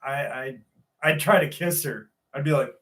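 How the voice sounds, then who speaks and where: A man's voice: on the high side, normal speed, fairly bright tone. A man hosting a live stream, chatting casually and reading viewer comments in a loose, jokey way with plenty of swearing.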